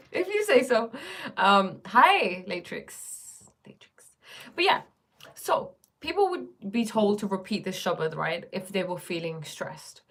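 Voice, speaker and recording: A woman's voice: mid-range voice, animated, slow pace, gravelly, bright, forceful tone. A woman chatting casually on a livestream, rambling with many fillers and reading viewer comments aloud. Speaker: livestream host.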